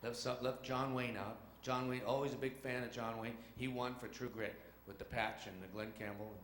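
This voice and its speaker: A man's voice: medium pitch, fairly even intonation, moderate pace, fairly bright tone, slight background noise. A male stand-up comedian tells rambling, chatty stories and throws in sound effects. His mid-range voice rings through an echoey theater with a faint audience murmur. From New York. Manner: chatty, acts out voices and engine noises. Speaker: stage comedian. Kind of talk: stand-up storytelling. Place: theater stage.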